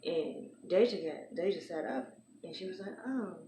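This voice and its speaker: A woman's voice: lowish voice, moderate pace. A woman casually recapping and reviewing a TV episode, chatty and acting out the characters' lines as she retells scenes. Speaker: TV show reviewer. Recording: echoey room with background noise.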